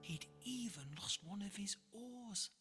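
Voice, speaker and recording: An author reading their own rhyming picture book aloud in a lively, rhythmic way. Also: medium pitch, takes it slowly. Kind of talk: rhyming storybook read-aloud. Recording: long reverb, faint music behind.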